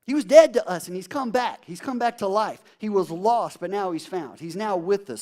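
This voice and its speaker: A man's voice: high voice, animated, moderate pace, few pauses, darkish tone. A man preaching a sermon as a pastor, emphatic and conversational, addressing the congregation directly.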